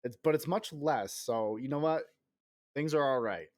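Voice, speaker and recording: A man in his thirties talks casually to his stream viewers at a mid-range pitch. He rambles, jokes at his own expense and swears freely, with an occasional cough left over from an illness. The sound is dry, with little room echo. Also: normal speed, darkish tone. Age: 30s. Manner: rambling, self-mocking, profane. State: recovering from illness, still coughing. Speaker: game streamer.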